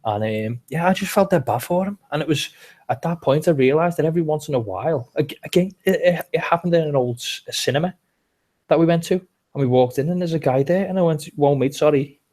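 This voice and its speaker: Brisk and a little high-pitched, with a slightly mellow quality, this English co-host talks in a Liverpool accent. On the casual podcast he spins meandering yarns, often backing up to restart.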